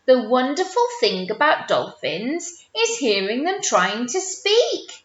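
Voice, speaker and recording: Animated, high-voiced teacher reading to children. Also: female voice. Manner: animated and encouraging, drawn-out words, playful sound effects. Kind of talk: reading a picture book to young children. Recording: roomy, dull lo-fi sound.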